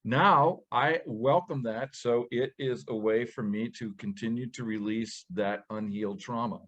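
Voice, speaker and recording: Measured, thoughtful male co-host. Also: medium pitch, a bit bright, highs cut off. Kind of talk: reflective casual talk.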